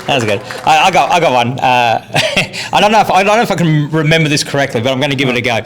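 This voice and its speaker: An Australian man, a guest comedian, telling a joke in a relaxed, rambling way. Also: fairly high pitch, fast talker, crowd noise, noisy background.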